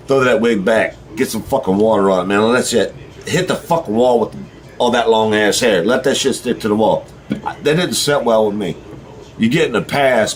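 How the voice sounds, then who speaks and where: A middle-aged man with a drawl delivering a blunt, profane ranting monologue to his viewers. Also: on the low side. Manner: blunt, heated, swearing freely. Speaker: vlogger.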